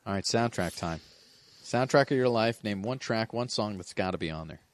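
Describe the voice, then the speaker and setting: A man's voice: lowish voice, expressive, normal speed, a little hiss or hum. A man hosting a podcast, chatting in an easygoing way and giving short affirmations. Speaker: podcast host. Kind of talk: casual interview chat.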